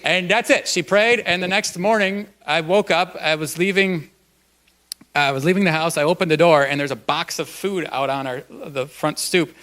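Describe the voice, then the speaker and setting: A man's voice: fairly high pitch, normal speed, fairly bright tone. A male pastor giving a conversational sermon at a church, folksy and loose, with frequent ums and uhs.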